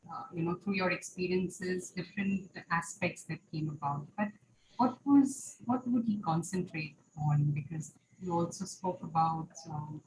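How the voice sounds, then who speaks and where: A woman's voice: lowish voice, unhurried, darkish tone, a little hiss or hum, rough recording. A woman in an online discussion, hesitantly thanking the speaker and asking a question with many fillers. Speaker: audience member asking a question.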